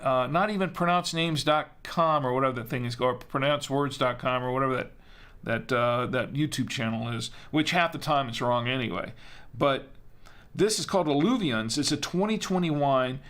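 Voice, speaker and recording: A man's voice: medium pitch, moderate pace, a bit bright. A man hosting a casual live-stream wine show, chatty and self-deprecating, rambling with lots of fillers.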